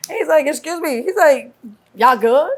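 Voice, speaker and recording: A middle-aged woman from New York, a guest telling stories in a casual interview, acting out quotes with lively swearing. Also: high-pitched, moderate pace. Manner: animated storyteller acting out quotes, heavy cursing. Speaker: guest, mother of a rapper.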